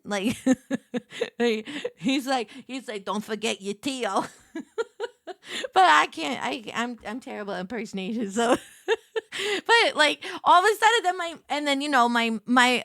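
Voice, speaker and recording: A woman in her thirties chats to her stream in a high, bright voice, rambling through a story with lots of fillers and laughter. She jumps into excited voices when she quotes herself. The sound is close and dry. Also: no room sound. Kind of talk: casual storytelling chat.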